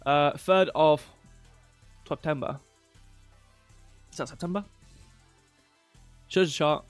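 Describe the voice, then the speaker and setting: A man hosting a crypto livestream in casual chat, rambling, restarting sentences and reading chat aloud while slowly losing his voice. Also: on the high side, faint music behind. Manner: rambling, self-interrupting, reads chat aloud. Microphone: desk mic.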